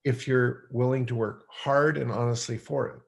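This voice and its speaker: A man's voice: mid-range voice, fairly even intonation, normal speed, vocal fry. A man telling a personal story as a podcast guest, rambling with many fillers and acting out his own past thoughts aloud. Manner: loose and rambling, heavy on fillers. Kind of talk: conversational storytelling.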